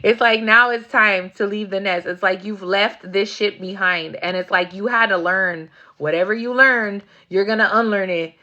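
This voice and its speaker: A woman's voice: mid-range voice, moderate pace, hardly any pauses, bright, forceful tone, highs cut off. A woman giving a casual tarot reading, blunt and profane, acting out rowdy asides. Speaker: tarot reader.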